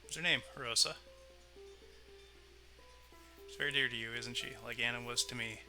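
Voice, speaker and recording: A man's voice: medium pitch, fairly even intonation, quick pace, pushed and bright, soft background music. A man voicing a meek young bard prince. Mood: earnest. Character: young male prince and bard, timid and heartbroken. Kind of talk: reading game dialogue aloud.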